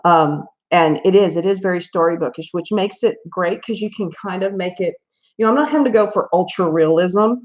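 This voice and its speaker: A woman's voice: lowish voice, moderate pace, muffled recording. A woman hosting a casual livestream at home while she colors, chatting in a rambling way and laughing often. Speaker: livestream host.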